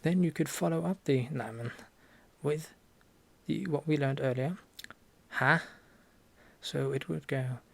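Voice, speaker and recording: A young Norwegian-accented man in a whispered role-play as a teacher, talking softly and haltingly into a close mic. His voice has a gravelly, fry-laden edge, and his jokes land deadpan. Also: on the high side. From Norway. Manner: soft-spoken, halting, deadpan joking. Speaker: ASMR creator playing a language teacher.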